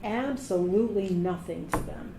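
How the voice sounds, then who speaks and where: Middle-aged woman, medical assistant, animated storyteller giving career tips, roomy echo with faint background noise. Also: medium pitch, normal speed, vocal fry. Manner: lively storyteller acting out quoted voices. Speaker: medical assistant speaking to students. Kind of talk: career advice talk. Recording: echoey room with faint noise.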